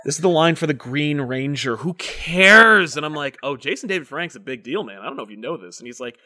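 A lively man spinning loose anecdotes in casual conversation, his voice bright and forceful, swinging high and low as he acts out the people in his stories. He curses freely and laughs through his punchlines. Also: fairly quick. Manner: animated storyteller, swears, acts out voices with big pitch jumps. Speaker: podcast host. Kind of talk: casual chat.

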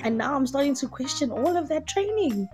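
A woman's voice: sits high, expressive, fairly quick, darkish tone. Woman guest from South Africa, self-mocking, laughs easily, faint music under. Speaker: guest poet. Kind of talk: casual chat.

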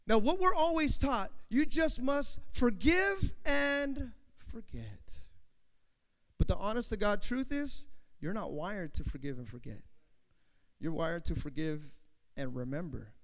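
A male pastor preaching a sermon, talking straight to the congregation and swinging from loud bursts to hushed asides. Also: high voice, expressive, normal speed. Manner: talks to the congregation directly.

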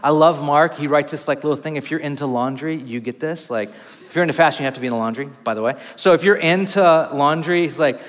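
A man in his thirties preaching a conversational sermon, an animated, self-deprecating storyteller with casual fillers. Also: on the high side, fast. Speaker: pastor. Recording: long reverb of a large hall.

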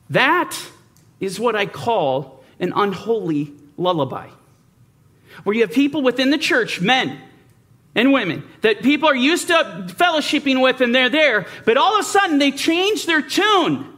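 Guy preaching hard, high bright voice, lots of rhetorical questions. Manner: emphatic, rhetorical questions, mimicking doubters. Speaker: Bible teacher. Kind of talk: sermon.

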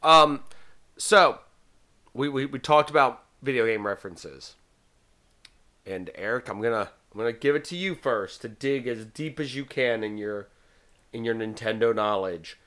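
A male podcast host chatting casually with friends. His voice is bright and clear, and he rambles along, often restarting and repeating his words. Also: medium pitch, unhurried.

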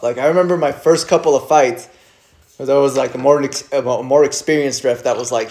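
Casting: excitable guy reacting to a fight, swears a lot, roomy echo on the mic. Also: mid-range voice, fast talker. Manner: excitable, swears, laughs often. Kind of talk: casual fight-watching chat.

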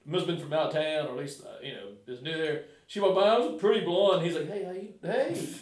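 A man's voice: a little high, fast talker, recorded from a distance. A man chatting casually, often laughing as he tells stories about a night at a bar. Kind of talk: casual chat. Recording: roomy, off-mic.

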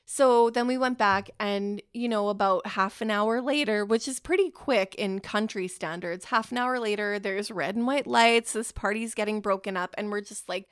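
A woman's voice: mid-range voice, normal speed, hardly any pauses, smooth, no room sound, clean studio sound. A Canadian woman in her thirties, hosting a podcast and telling stories in a rambling, profane, self-mocking way. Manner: chatty, rambling, profane, laughs at herself. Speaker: podcast host. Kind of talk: casual storytelling monologue.

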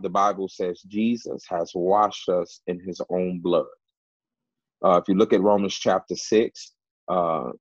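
A man with a low, husky voice explains Bible passages in a panel discussion. He presses his points by repeating key words and fills pauses with "uh". The sound is dry and dull, like a lo-fi recording. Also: dry recording. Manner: emphatic, repeats key words, many fillers. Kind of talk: Bible teaching in a panel talk.

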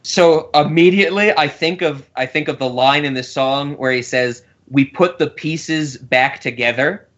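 A man's voice: a little high, unhurried, few pauses, a bit bright, muffled recording. A man co-hosting a casual podcast, rambling and laughing often as he talks. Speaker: podcast co-host.

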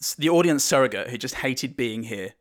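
Guy chatting about a film, dry deadpan jokes. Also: mid-range voice, fairly quick. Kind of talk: casual chat.

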